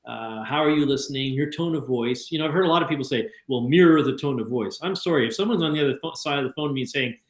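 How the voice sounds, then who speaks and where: A man hosting a podcast, talking quickly and chattily, with frequent restarts and repeated words. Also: medium pitch, reverberant, rough recording. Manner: fast, repetitive restarts, chatty. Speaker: podcast host. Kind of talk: casual conversation.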